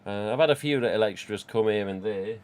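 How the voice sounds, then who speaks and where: A man's voice: lowish voice, fairly quick, a little mellow. A man, casually chatting and rambling on a live stream from home. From England. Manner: rambling, chatty, reads out chat.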